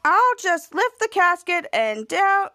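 A smug, sneaky invisible villain drawls his taunts slowly and teasingly, as a woman reenacts him in a podcast recap. The voice sits very high. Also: very animated, pushed and bright, no room sound, full character voice. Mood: gloating.

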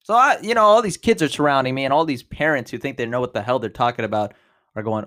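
A man in his twenties hosting a podcast, telling a personal story in a casual, animated way, with big jumps in pitch and loudness. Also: fast talker. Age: 20s. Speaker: podcast host.

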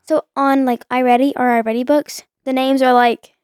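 A woman's voice: sits high, flat delivery, moderate pace, a little mellow, smooth, dry recording, studio quality. A young girl co-hosting with her father, teasing him bluntly in casual chat. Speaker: daughter, co-host.

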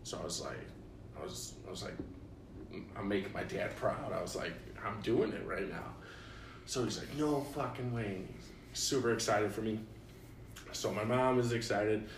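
A young man from Illinois tells a story with a low voice, acting out every line of dialogue and laughing as he goes. He sits a bit back from the mic in a roomy space, with faint ambience behind him. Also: normal speed, long pauses, recorded from a distance, noisy background. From Illinois, USA. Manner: animated storyteller, acts out quotes, laughs often. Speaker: podcast host. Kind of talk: casual storytelling chat.

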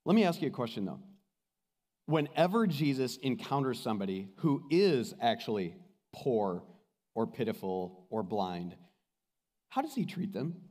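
A man's voice: medium pitch, measured pace. A man preaching a sermon as pastor, telling stories with energy and acting out the people he quotes. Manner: animated storytelling, acts out quoted voices. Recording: reverberant hall.

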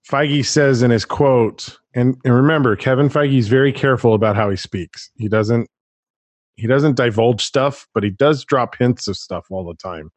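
A chatty man hosting a casual podcast chat, animated and quick to laugh. His voice sits at an ordinary middle pitch. The sound is dry and close, with no room around it. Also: dry recording.

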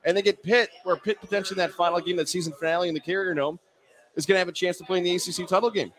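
A man's voice: high-pitched, very fast. A man co-hosting a casual sports talk show, recapping a game play by play with feeling. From Central New York. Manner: animated, rattles off game plays.

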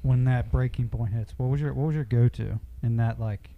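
A man's voice: mid-range voice, steady tone, fairly quick, dry recording. A man co-hosting a casual interview, rephrasing his questions as he asks them. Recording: dull dry mic sound.

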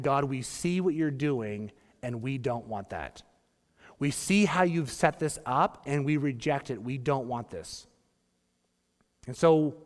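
A man in his thirties preaching a sermon as a pastor, joking, moving between hushed asides and emphatic bursts. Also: fairly high pitch. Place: church sanctuary. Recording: long reverb of a church hall.

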